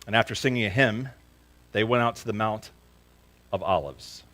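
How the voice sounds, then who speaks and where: A man's voice: fairly low pitch, moderate pace, low-quality recording. A man preaching a sermon at a church service, earnest and questioning his listeners directly, becoming emphatic to stress a point. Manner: grows emphatic and louder when stressing a point. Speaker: pastor.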